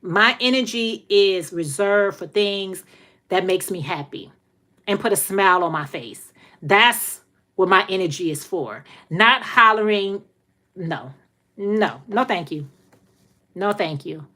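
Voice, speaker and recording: Middle-aged woman, livestream host, casual chat, bright sharp voice, repeats herself, folksy. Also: mid-range voice, expressive, takes it slowly. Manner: talkative, repeats her phrases, folksy.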